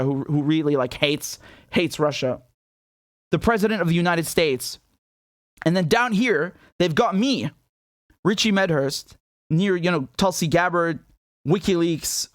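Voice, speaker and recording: Speaking to camera on his own commentary show, a British independent journalist sounds incredulous and sarcastic, firing off repeated rhetorical questions. His voice runs on the high side, in a dry, studio-quality recording.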